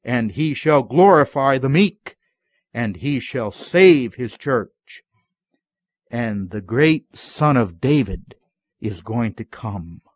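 A male pastor delivers a sermon at an unhurried, measured pace. His voice sits at an ordinary middle pitch and sounds close and dry, with no room echo. He builds toward emphatic climaxes. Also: expressive. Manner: slow, measured preaching with rising emphatic climaxes.

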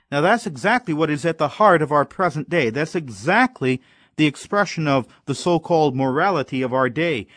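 Slow, deliberate male preacher. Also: a little high, fairly bright tone, no room sound, clean studio sound. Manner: measured, deliberate and emphatic, stressing single words. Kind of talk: sermon.

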